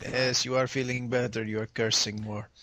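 A man's voice: medium pitch, level tone, normal speed, sharp tone. A man co-hosting a podcast in a casual chat, teasing the others and laughing often. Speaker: podcast co-host.

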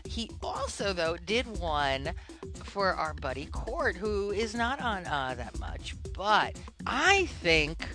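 Upbeat woman podcast co-host, playful teasing, clear music bed underneath. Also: fairly low pitch, big pitch swings, slow pace. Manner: teasing, upbeat, laughs often. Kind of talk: casual chat.

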